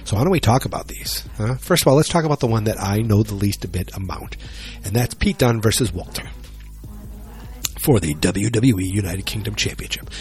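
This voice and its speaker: A man's voice: on the low side, animated, fairly quick, a little mellow, soft background music. A man chatting casually and rambling on his own about upcoming wrestling matches, joking and poking fun at himself. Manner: rambling, joking, self-deprecating. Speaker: solo wrestling vlogger.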